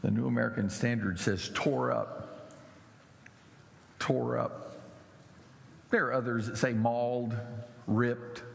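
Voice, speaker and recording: Gravelly, animated preacher man in an echoey hall. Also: slow pace, long pauses. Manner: animated, mocking voices rising high and loud. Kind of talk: sermon. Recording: echoey hall with faint noise.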